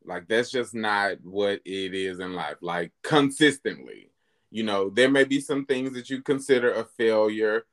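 A man hosting a podcast in a casual, heartfelt chat, speaking candidly and getting animated as he recounts his own thoughts. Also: lowish voice, unhurried. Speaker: podcast host.

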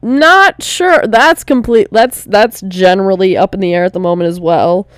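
In clean, echo-free studio sound, a twenty-something woman vlogs in a medium-pitched voice. She's candid and casual, dragging her words out slowly and leaning heavily on fillers and curse words.

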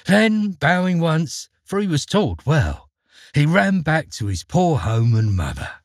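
A man narrating a fairy tale in an expressive, dramatic storytelling manner. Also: fairly high pitch, unhurried, no echo, clean studio sound.

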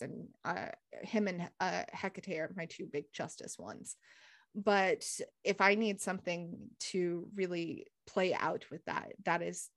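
A woman, a podcast guest telling a story in a lively, laughing way. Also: fairly low pitch, no echo, studio quality. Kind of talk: casual interview storytelling.

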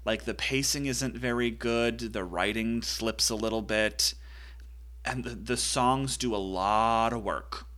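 A man's voice: medium pitch, steady tone, a little slow, a bit bright. A man co-hosting a podcast, chatting casually about a film, laughing often and playful. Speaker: podcast co-host. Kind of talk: casual chat recapping a film.

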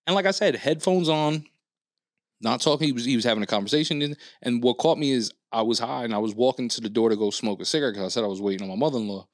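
A man's voice: medium pitch, fast talker, dry recording, clean studio sound. A man co-hosting a podcast, telling a long story in casual chat, acting out quotes and cursing freely. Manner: animated storyteller, acts out quotes, frequent swearing and fillers. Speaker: podcast co-host.

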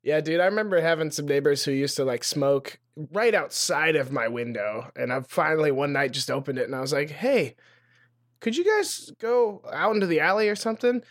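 A man's voice: fairly high pitch, lively intonation, a little fast. A young adult man hosting a comedy podcast, upbeat and laughing easily in casual chat.

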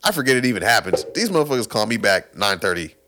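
A man's voice: on the low side, big pitch swings, quick pace, sharp tone. A young man in casual chat, telling stories full of swearing and acting out what people said. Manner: profane storytelling, acts out quotes with laughter. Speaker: podcast co-host.

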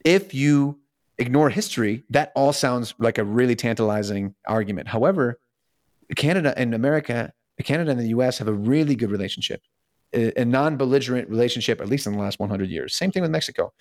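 A man's voice: mid-range voice, fast, a little mellow, no echo, clean studio sound. Earnest man with frequent restarts. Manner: earnest, many restarts and fillers, rhetorical questions. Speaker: podcast co-host. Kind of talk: casual podcast discussion.

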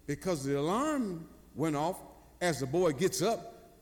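Animated older preacher in a church. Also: male voice, fairly high pitch, big-room sound. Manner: animated storyteller, slow and drawn-out. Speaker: pastor. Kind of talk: sermon.

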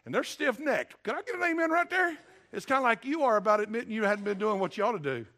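High-pitched older preacher, folksy and emphatic. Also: male voice, expressive, fast talker, pushed and bright. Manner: folksy, emphatic preaching with repeated calls to the congregation. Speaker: pastor. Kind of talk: sermon. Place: church sanctuary.

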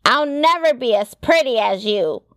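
A woman voicing a prickly teenage girl with a gruff voice who answers in curt, blunt lines. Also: a little high, lively intonation, a little slow, a bit bright, dry recording, pitched above the performer's own voice. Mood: sullen.

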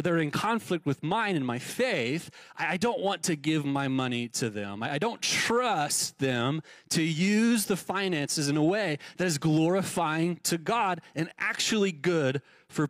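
A man's voice: on the high side, a bit bright, no echo. A young adult man preaching to his church, talking conversationally with many repeated words and rhetorical questions. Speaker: pastor. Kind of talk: sermon. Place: church sanctuary.

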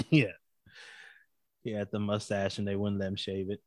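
A man's voice: on the low side, normal speed, dry recording. Man, casual podcast chat, opinionated, laughs a lot, dry close mic. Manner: animated, laughs often, opinionated.

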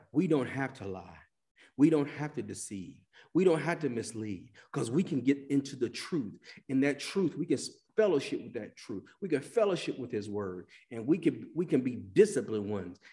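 A male pastor preaching in a mid-pitched voice. His delivery swings from loud, emphatic bursts down to near-hushed phrases. Now and then he acts out quoted speakers in a loose, colloquial way. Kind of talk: sermon.

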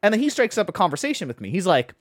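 A man telling a long story in casual chat, animated, acting out his friends' voices and filling his talk with "like" and "right?". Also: sits high, no room sound. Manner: fast, full of "like" and "right?".

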